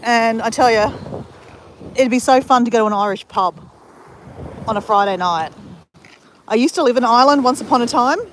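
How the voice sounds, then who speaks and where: A woman chats casually on a live stream, rambling from one thought to the next and answering her viewers as she goes. Her voice sits a little high. She is outdoors on a beach, and wind buffets the phone mic throughout. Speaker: vlogger.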